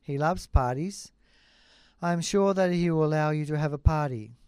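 A man playing a gentle, comforting fairy. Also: fairly high pitch, normal speed, clear, resonant tone, dry recording, clean studio sound, lightly acted. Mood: soothing.

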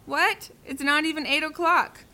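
A woman voicing an eager, excitable male servant in a children's cartoon, jumping up in pitch. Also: moderate pace. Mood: startled.

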